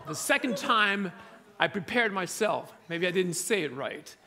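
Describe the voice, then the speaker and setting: A man's voice: high-pitched, expressive, unhurried, sharp tone. A man giving a sermon, telling funny stories to an audience that laughs along. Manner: humorous storytelling, audience laughing. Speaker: preacher.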